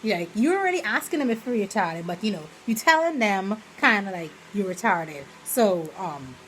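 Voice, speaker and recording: A woman's voice: mid-range voice, normal speed, slight background noise, rough recording. Chatty Bahamian woman explaining sayings. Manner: chatty, rambling, full of "you know" fillers; slips into lively quoted examples. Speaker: vlogger. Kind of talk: casual explainer vlog.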